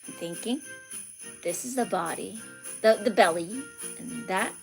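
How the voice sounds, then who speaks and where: Slow-talking woman livestreaming her art. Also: medium pitch, creaky, soft background music. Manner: chatty, reads out viewer comments, drifts into soft near-whispers. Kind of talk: casual livestream chat with viewers.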